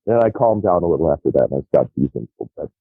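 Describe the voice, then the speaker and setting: A middle-aged man telling wild stories as a podcast guest, animated and profane, laughing as he goes. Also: extremely low pitch, fast, vocal fry, slightly rough, no echo, soft background music. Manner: lively, profane, laughs through his stories. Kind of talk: animated storytelling. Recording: tinny phone-like line.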